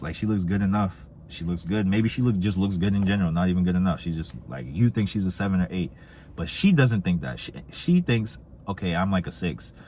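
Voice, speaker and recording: A young man telling dating stories in a casual, animated way, acting out the quoted voices. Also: a little hiss or hum. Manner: animated, acts out quoted voices with big pitch jumps. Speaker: dating advice vlogger. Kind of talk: casual storytelling monologue.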